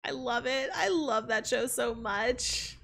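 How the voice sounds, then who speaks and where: A woman's voice: fairly high pitch, slow pace, gravelly, a bit bright. A young woman streaming a game, chatting casually in a rambling way. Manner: rambling, full of fillers and restarts. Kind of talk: casual chat while gaming.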